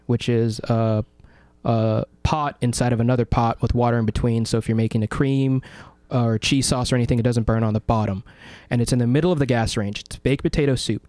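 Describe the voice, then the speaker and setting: A man in mid-range pitch, talking loosely and fast as he spins a story on a radio talk show. He swears freely and throws himself into the loud bits, acting out his own shouts. The sound is dry and close, with no room around it. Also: no echo. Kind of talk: casual storytelling chat.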